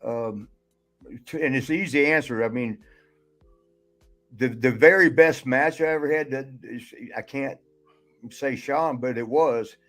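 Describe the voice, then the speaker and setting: A man's voice: mid-range voice, unhurried, long pauses, a bit bright, faint music behind. Laughing older man telling stories. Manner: laughs often, swears, rambling asides. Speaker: retired pro wrestler and podcast guest. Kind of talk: casual storytelling.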